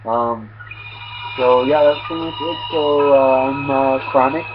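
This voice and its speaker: A man's voice: medium pitch, steady tone, measured pace. A man casually recapping an anime episode in rambling, slangy talk, full of fillers and restarts. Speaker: anime reviewer. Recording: dull lo-fi with loud music behind. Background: loud background music.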